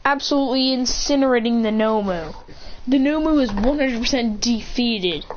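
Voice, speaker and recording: A woman excitedly making up a fan story, rambling and tripping over her words. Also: on the high side, moderate pace, soft background music. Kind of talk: improvised fan story narration. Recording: muffled lo-fi recording.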